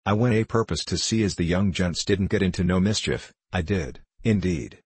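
Man doing whining old poacher, rustic dialect, low husky voice, dry sound. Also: moderate pace, darkish tone. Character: old drunken male village poacher, whining.

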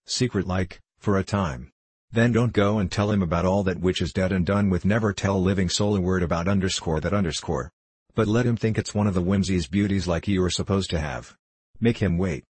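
A man's voice: low-pitched, darkish tone, breathy edge, no echo. A man voicing a blunt, devoted old country nurse who speaks in folksy dialect. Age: over 60. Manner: folksy dialect, urgent and coaxing.

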